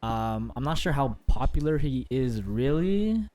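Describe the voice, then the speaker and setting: A man's voice: mid-range voice, big pitch swings, unhurried, darkish tone, slight background noise. A young man co-hosting a casual podcast chat, rambling with lots of fillers and easy laughs. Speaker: podcast co-host.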